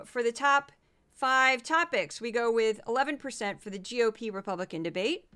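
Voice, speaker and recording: A tired woman hosts a casual solo podcast, chatting her way through statistics and tossing in self-deprecating asides. Her voice is medium-pitched, a bit bright, clear, and resonant.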